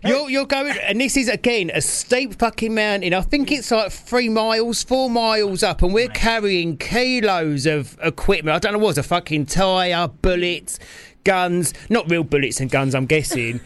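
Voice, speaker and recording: Smooth-voiced man hosting a chat. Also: high-pitched, moderate pace, fairly bright tone. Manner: swears casually, laughs between questions. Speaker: host. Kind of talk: casual interview chat.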